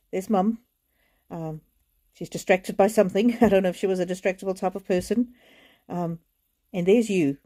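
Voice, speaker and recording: A woman giving a live oracle card reading, speaking gently and reassuringly to viewers in a chatty way with many fillers, often close to tears. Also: fairly low pitch.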